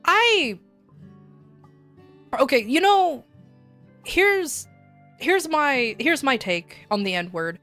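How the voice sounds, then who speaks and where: A woman streaming as a VTuber tells a neighborhood story in casual chat, blunt and full of swearing. Her voice sits a bit high, and she laughs often and mimics shouted quarrels. Faint music plays under her voice. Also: animated, extremely slow, long pauses. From desert region. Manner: blunt, profane, laughs often, acts out quoted yelling.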